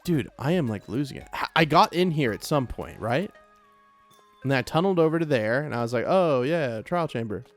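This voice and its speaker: A man's voice: medium pitch, lively intonation, fairly quick, faint music behind. Jokey young man narrating his gameplay. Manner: chatty, jokey, easily startled, repeats phrases. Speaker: let's play gamer. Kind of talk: casual gameplay commentary.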